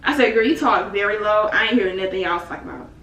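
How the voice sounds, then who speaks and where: A young woman casually telling a story with animated, dramatic slang. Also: mid-range voice, rapid-fire, faint music behind. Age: young adult. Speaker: vlogger. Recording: echoey room, mic at a distance, faint noise.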